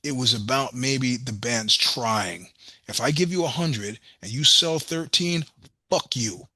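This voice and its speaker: A man's voice: medium pitch, measured pace, bright, forceful tone, dry recording. A middle-aged man telling blunt, profane road stories in a casual interview, acting out both sides of each exchange. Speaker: podcast guest, musician.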